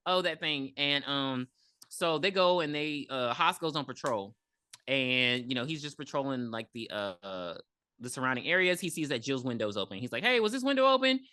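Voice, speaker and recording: A woman's voice: a bass voice, moderate pace, pushed and bright, no echo, clean studio sound. Profane rambling woman recapping a movie. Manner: rambling, profane, with frequent ums and acted-out quotes. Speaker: podcast co-host. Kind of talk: casual movie recap chat.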